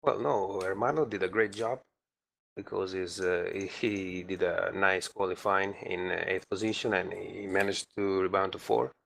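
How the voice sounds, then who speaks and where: Man, very low gravelly voice, hesitant, race driver interview. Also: steady tone, normal speed, fairly bright tone. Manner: hesitant, many fillers and restarts.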